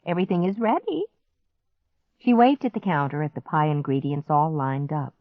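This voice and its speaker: A woman narrating a children's story in the first person, slow and expressive. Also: low-pitched, no echo. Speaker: audiobook narrator. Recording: dry, slightly muffled audiobook recording.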